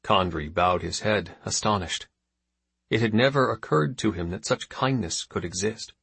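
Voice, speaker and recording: Husky, low-voiced male narrator. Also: normal speed, fairly bright tone, no room sound. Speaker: audiobook narrator. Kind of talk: scripted narration.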